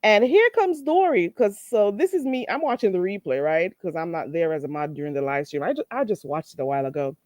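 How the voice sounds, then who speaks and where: A woman's voice: on the low side, very animated, fairly quick, few pauses, darkish tone, dry recording. A woman hosting a casual livestream, recapping drama with blunt, profane commentary and frequent laughter at her own story. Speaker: livestream host.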